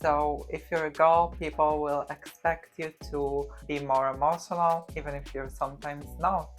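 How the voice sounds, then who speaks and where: A woman's voice: sits low, level tone, moderate pace, faint music behind. A young woman in her twenties hosting a casual comedic vlog, chatty and loose with frequent swearing. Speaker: vlogger.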